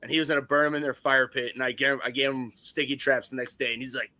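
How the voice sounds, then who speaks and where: A man's voice: mid-range voice, little pitch movement, fast talker, hardly any pauses, sharp tone, dry recording. A man co-hosting a casual podcast chat, telling rambling anecdotes and laughing often. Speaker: co-host.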